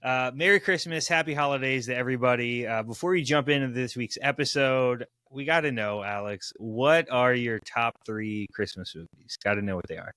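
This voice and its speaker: A man's voice: medium pitch, normal speed, few pauses, pushed and bright, smooth, dry recording. A man from Florida co-hosting a podcast in a chatty, upbeat way, with lots of loose fillers. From Florida, USA. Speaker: podcast co-host. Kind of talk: casual podcast chat.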